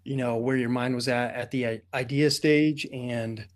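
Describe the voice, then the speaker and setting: A man's voice: mid-range voice, fairly even intonation, normal speed. A man interviewing a screenwriter, eagerly asking about his ideas. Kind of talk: casual interview talk.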